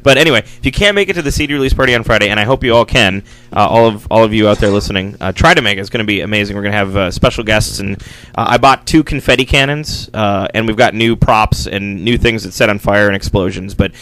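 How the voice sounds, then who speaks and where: A man's voice: lowish voice, fast talker, few pauses, a bit bright, rough recording. A man in a band, chatting casually in a radio studio interview, rambling with fillers and frequent chuckles. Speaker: band member.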